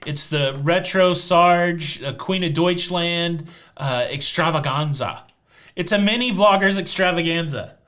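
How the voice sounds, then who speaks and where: A man with a Southern Tennessee accent hosting a live cruise chat show, answering viewer questions with a teasing, deadpan sense of humor. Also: high voice, measured pace, hardly any pauses. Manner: joking and teasing, deadpan jokes.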